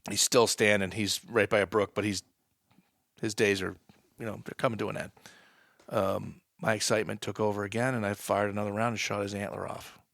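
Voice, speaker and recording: Gravelly man telling a hunting story. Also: fairly low pitch, fairly quick, no echo, clean studio sound. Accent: New England. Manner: animated hunting story, builds excitement. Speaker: guest, wildlife department staff. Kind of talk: storytelling in a podcast interview.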